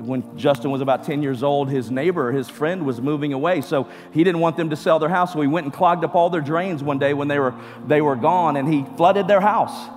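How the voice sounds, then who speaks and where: Man preaching in an echoing hall. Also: medium pitch. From California. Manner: preaching with rising emphatic bursts. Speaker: pastor. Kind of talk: sermon. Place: church sanctuary. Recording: church hall reverb with music.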